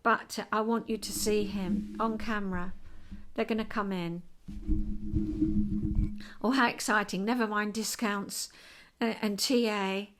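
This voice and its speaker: An older woman hosting a casual home vlog, chatty and rambling and quick to get excited. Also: mid-range voice, slight background noise. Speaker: vlog host.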